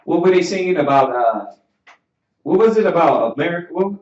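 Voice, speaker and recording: An animated, slightly high-voiced man with a Southern US accent teaches a class like a preacher in an echoey room. He gets emphatic, climbing to near shouting and drawing out repeated questions, captured in a muffled, roomy recording from a distance.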